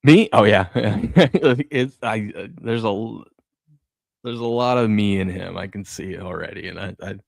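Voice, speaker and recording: A man's voice: fairly low pitch, a little slow, vocal fry, no room sound. A man in his thirties co-hosting a sports talk show, chatting casually and laughing as he tells family stories. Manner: storytelling, laughs often, acts out his kids' voices. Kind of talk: casual chat.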